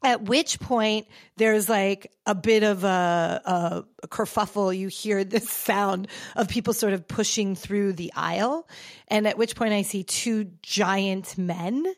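A woman's voice: medium pitch, no room sound. Dry-sounding woman telling an emotional story. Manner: emotional, rambling, with many fillers and restarts. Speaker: podcast host. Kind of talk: casual storytelling monologue.

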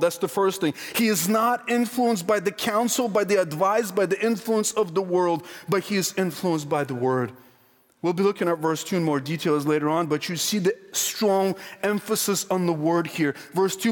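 High-voiced guy preaching a sermon, earnest, goes slow and low on scripture quotes, big hall echo. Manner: earnest, emphatic, rhetorical questions. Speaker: pastor. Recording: long hall reverb.

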